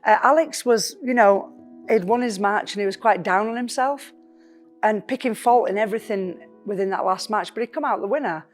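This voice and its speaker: A woman in a casual interview, giving a brisk, matter-of-fact retelling of an event. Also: medium pitch, soft background music. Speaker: pool player interviewee.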